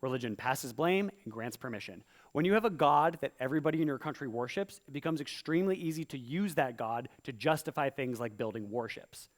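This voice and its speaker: A man performing stand-up comedy in rhyme on a live stage, slipping into quick voiced asides. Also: on the high side. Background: audience laughter.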